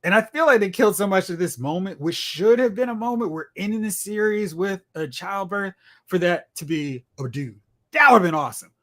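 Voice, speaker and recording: A man's voice: high voice, lively intonation, fairly quick, a bit bright. A man co-hosting a podcast in casual chat, complaining bluntly with dry sarcasm. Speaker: podcast co-host.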